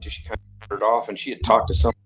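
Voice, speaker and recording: Low-voiced man telling rambling stories. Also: flat delivery, fast talker, fairly bright tone, soft background music. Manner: rambling storyteller who acts out quoted dialogue. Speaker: podcast host. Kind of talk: casual anecdotal chat. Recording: dull lo-fi audio with faint noise.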